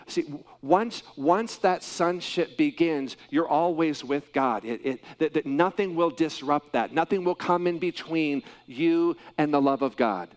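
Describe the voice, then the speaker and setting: A male pastor giving a sermon, speaking emphatically with dramatic pauses and wide swings in loudness. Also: a little high.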